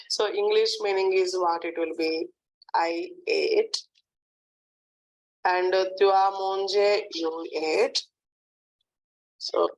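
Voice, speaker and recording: A woman teaching French in a lesson, drilling phrases slowly and often checking in with "hmm, d'accord". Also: lowish voice, creaky, poor audio. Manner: slow, repetitive drilling with frequent "hmm, d'accord". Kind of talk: online language lesson.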